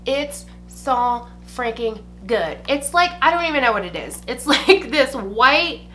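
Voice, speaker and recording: A woman's voice: sits high, expressive, measured pace, pushed and bright, a little hiss or hum. A young woman, chatting casually and gushing as she reviews beauty products at home, saying "y'all" and swearing lightly. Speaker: beauty vlogger. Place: indoors at home.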